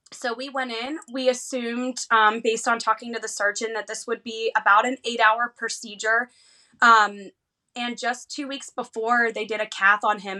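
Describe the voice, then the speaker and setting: Woman guest, 30s, American, vivid storyteller, bright tone. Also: on the high side. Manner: animated, fast retelling with lively quoted dialogue. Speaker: interview guest. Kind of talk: emotional personal storytelling.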